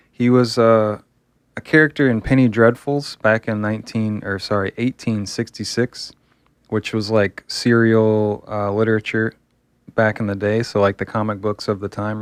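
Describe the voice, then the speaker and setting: A man's voice: lowish voice, dry recording, clean studio sound. A man reviewing a comic book, talking casually and enthusiastically, rambling with fillers.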